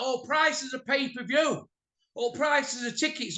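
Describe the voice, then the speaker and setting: A man hosting a boxing channel, ranting bluntly and mockingly to camera and rising to shouts. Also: very high voice, lively intonation, a little slow.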